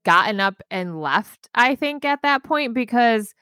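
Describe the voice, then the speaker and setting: A woman's voice: a little high, lively intonation, measured pace, bright, forceful tone, smooth, no echo, clean studio sound. A woman co-hosting a casual podcast, blunt and opinionated, swearing freely as she reacts to the show. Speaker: podcast co-host. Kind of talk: casual recap chat.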